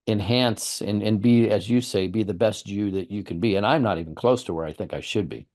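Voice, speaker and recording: A man's voice: on the low side, a little fast, a little mellow. A man hosting an interview, explaining his views earnestly with examples and often repeating words. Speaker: host. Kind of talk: interview conversation.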